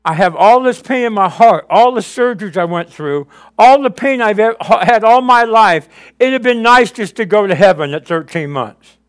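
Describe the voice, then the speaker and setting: A man with a high, light voice preaches to his congregation. He tells his story with lively, animated storytelling and acts out his past conversations with God. He keeps turning to the room with quick questions. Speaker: pastor. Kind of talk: sermon.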